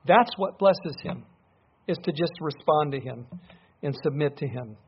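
A man's voice: a little high, lively intonation, a little slow, a little hiss or hum. A man preaching a sermon, speaking earnestly and building up to emphatic peaks as he drives home his points. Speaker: pastor. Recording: dull lo-fi sound.

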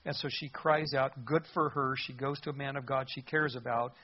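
A man's voice: medium pitch, fairly even intonation, moderate pace, breathy edge. A man preaching an expository sermon in an earnest, conversational way, reading scripture aloud and explaining it. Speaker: pastor. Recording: dull lo-fi sound.

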